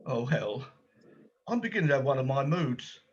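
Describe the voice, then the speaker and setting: A man's voice: medium pitch, very animated, moderate pace, muffled recording. A man playing an anxious, kind-hearted volunteer gallery guide who hesitates and stumbles over his words, in an amateur stage drama.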